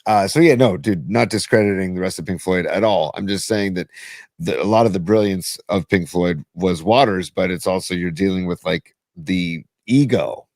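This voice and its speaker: A man's voice: low-pitched, normal speed, a little mellow, no echo. A man, co-hosting a casual podcast chat, rambling and musing as he talks. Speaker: podcast co-host.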